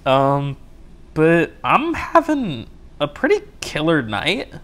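Young man, solo podcast host, casual rambling chat, self-mocking jokes, lively up-and-down pitch. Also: unhurried. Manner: rambling, jokey, self-mocking, frequent restarts.

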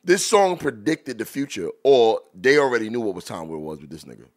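A man hosting a podcast, reacting to old rap videos in loose, animated talk full of drawn-out exclamations. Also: on the low side. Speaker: podcast host. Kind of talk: casual commentary reacting to music videos.

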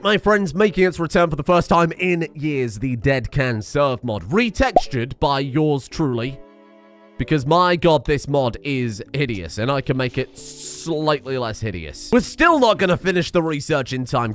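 A man commentating on a video game as a streamer, excitable, laughing and swearing often. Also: fairly high pitch. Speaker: gaming streamer. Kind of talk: let's play commentary.

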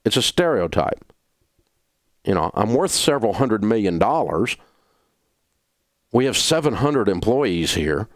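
A man's voice: on the low side, very animated, a little slow, pauses often, dry recording. A man with a Southern US accent, a radio talk show host delivering a blunt, emphatic advice rant in a studio. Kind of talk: passionate on-air advice rant.

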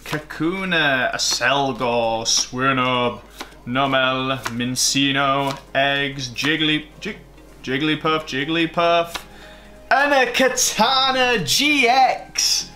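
A man with a bright, forceful voice talks slowly and casually as he opens card packs. He is excitable, swears freely and teases himself. Faint music plays behind him. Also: medium pitch. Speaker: card-opening YouTuber. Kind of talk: casual commentary while opening packs.

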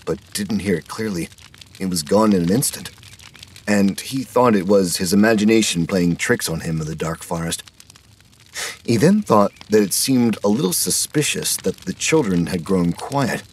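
A man narrating a horror story in a measured, dramatic manner. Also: low voice, slight background noise.

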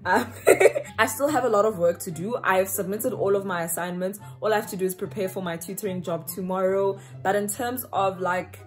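A young woman from South Africa, vlogging casually to camera with a slightly runny nose, telling a story in an animated, slangy way and laughing often. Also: mid-range voice, fairly quick, few pauses, faint music behind. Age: young adult. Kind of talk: casual vlog chat to camera.

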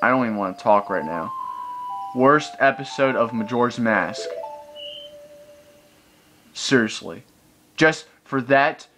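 Young male let's-player, exasperated ranting commentary, voice swinging widely in pitch, game music loud behind him. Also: animated, slow pace, long pauses. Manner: exasperated ranting, frequent exclamations. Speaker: let's play gamer. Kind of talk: gameplay commentary. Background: video game music.

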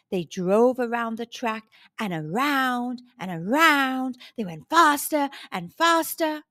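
Children's storyteller, woman, high and expressive, unhurried. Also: dry recording, clean studio sound. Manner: animated, expressive. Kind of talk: children's read-aloud.

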